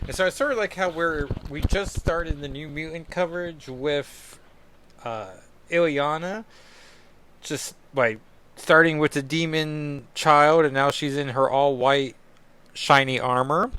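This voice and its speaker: A man's voice: on the high side, measured pace, sharp tone, clean tone. A man hosting a comic book podcast, giving casual, rambling commentary with jokey asides.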